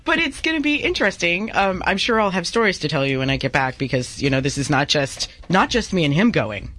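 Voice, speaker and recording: A woman's voice: on the low side, big pitch swings, fairly bright tone. A woman co-hosting a show in casual banter, playful and teasing. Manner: playful, teasing, quick to laugh. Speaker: co-host.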